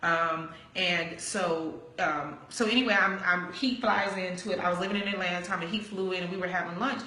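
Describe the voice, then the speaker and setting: A woman's voice: lowish voice, fairly quick. A woman in her forties, a pastor, telling her personal testimony in conversation and acting out the dialogue as she goes. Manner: animated storyteller acting out quoted dialogue. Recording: roomy echo.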